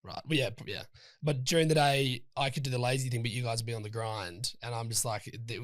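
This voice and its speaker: A young Australian man co-hosting a podcast, telling stories in animated, slangy, self-mocking casual chat. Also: medium pitch, a little fast, no room sound, studio quality. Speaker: podcast co-host.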